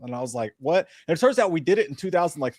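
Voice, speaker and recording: A man's voice: fairly high pitch, very animated, very fast, darkish tone, no room sound, studio quality. A man co-hosting a live movie show, joking and laughing in casual chat.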